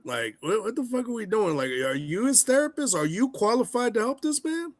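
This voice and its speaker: A young man on a comedy podcast rants with heated, profane energy. His voice sits high and swings widely in pitch. The sound is dry and close, with no room echo. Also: a little fast. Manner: profane, animated, heated ranting. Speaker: podcast co-host. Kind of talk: casual comedic rant.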